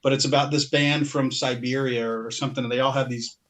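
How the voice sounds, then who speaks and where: Here the co-host talks fast in a mid-range, slightly bright voice with little pitch movement. He chats casually about his purchases, rambling, interrupting himself, and laughing often.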